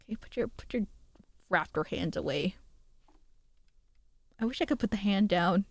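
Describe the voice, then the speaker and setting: A young woman streaming, chatting casually and excitably, swearing often and poking fun at herself. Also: mid-range voice, normal speed, dry recording.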